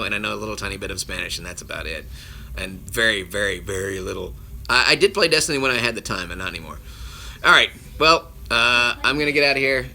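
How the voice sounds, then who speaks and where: A man's voice: mid-range voice, sharp tone. A man, a voice actor, hosting a casual livestream from his phone at home and answering viewer questions in a rambling way, often cutting himself off and chuckling between answers. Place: at home with his children nearby.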